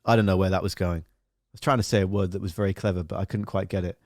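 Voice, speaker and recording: A man's voice: deep voice, quick pace, a little mellow, dry recording, studio quality. A man hosting a live radio stream, chatting casually and telling a rambling, profane, jokey story full of silly acted-out voices.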